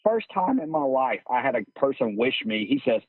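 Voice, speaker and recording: Animated man on a tinny line. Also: mid-range voice, brisk, no room sound. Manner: animated, profane, keeps saying "bro". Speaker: podcast host. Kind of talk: casual podcast chat. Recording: tinny phone-like dry sound.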